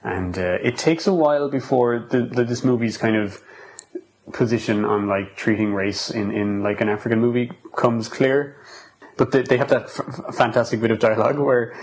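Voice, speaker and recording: A man's voice: medium pitch, moderate pace, a little hiss or hum, rough recording. A man co-hosting a casual film podcast, retelling scenes and quoting lines with lots of fillers. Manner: animated retelling with quoted lines. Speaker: podcast co-host. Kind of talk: casual film review chat.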